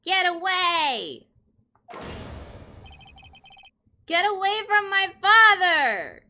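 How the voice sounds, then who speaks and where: A frightened little boy cries out for help in a small, high, bright voice that swings wildly up and down, as a woman reads him out loud. He shouts and pleads in panic. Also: sing-song, slow, a little hiss or hum, full character voice. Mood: desperate. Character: terrified young boy trapped in the dark.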